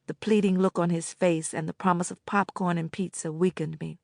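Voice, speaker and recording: A woman narrating an audiobook in the first person, in a measured, subdued way. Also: on the low side, steady tone, vocal fry, a little mellow, no room sound, clean studio sound.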